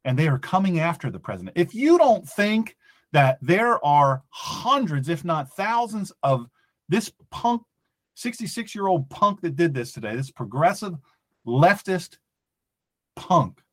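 A man's voice: fairly high pitch, big pitch swings, measured pace. A man hosting a fiery political talk radio show, preaching in an impassioned way and acting out little scenes.

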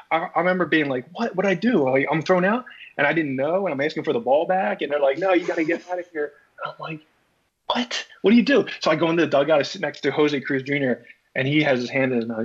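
A man from Philadelphia, a former baseball pitcher, telling a story in a casual chat and acting out his own reactions. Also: slightly rough. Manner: acts out his own past reactions, many restarts. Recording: dull lo-fi podcast audio.

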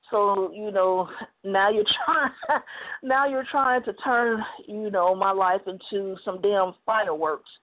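A woman's voice: medium pitch, unhurried. A woman from the Midwest United States hosting a talk show, telling a story in a chatty, digressive way full of "you know" fillers. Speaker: talk radio host. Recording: phone-like narrow band.

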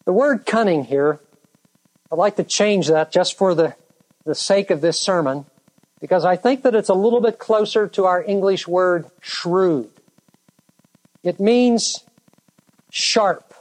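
A preacher delivering a sermon in a deliberate way, stretching out key words for emphasis. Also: medium pitch, rough recording.

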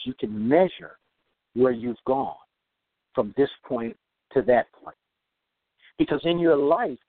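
A man hosting a motivational podcast, speaking emphatically and repeating key phrases slowly so listeners can take notes. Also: a little high, gravelly, dry recording. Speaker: podcast host and self-improvement speaker. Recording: tinny phone-like recording.

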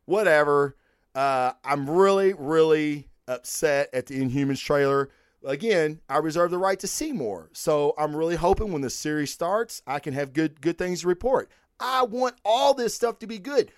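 Recorded with a microphone and camera, the middle-aged comic book vlogger speaks at a moderate pace in a slightly high voice, with no echo and studio quality. His commentary is casual, blunt, animated, and full of profanity as he rants.

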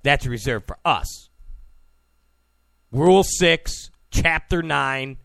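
Young male host, loose sarcastic monologue, animated swings in pitch, dry close sound. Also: slow pace, creaky, no echo. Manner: loose, rambling, sarcastic, with many fillers. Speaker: show host. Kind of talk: casual political talk show monologue.

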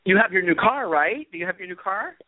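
A man co-hosting a podcast, joining in with lively, giggly banter. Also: high voice, quick pace. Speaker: podcast co-host. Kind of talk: casual gossipy chat. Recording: tinny phone-like line.

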